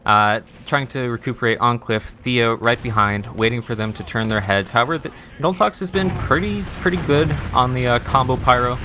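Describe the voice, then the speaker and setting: An American man doing fast, excitable play-by-play as an esports caster, recorded on a noisy home mic. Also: mid-range voice. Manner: excitable, rushes through calls.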